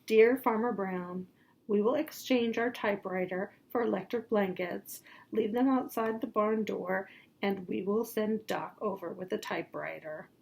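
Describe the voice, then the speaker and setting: A woman's voice: medium pitch, unhurried, vocal fry, darkish tone. A woman voicing polite but demanding cows as they write letters in a storybook, read in a prim, formal voice.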